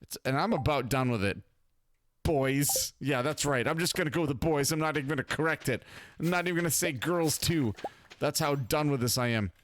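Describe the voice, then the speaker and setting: A man's voice: on the high side, fairly quick, no room sound. A man hosting a casual let's play, chatting in a rambling, talkative way and laughing often. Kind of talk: casual gameplay commentary.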